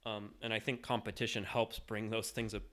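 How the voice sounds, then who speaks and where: A man's voice: on the low side, little pitch movement, a little fast, fairly bright tone. A man hosting a podcast in casual chat, rambling and hesitant, restarting his sentences often. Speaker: podcast host.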